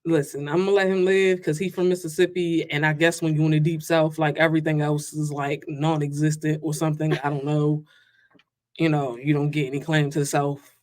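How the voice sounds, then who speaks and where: A woman's voice: sits low, flat delivery, darkish tone. A woman co-hosting a reaction video, chatting casually, blunt and slangy, drawing out her points. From Baltimore. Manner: blunt, slangy, drawn-out emphasis.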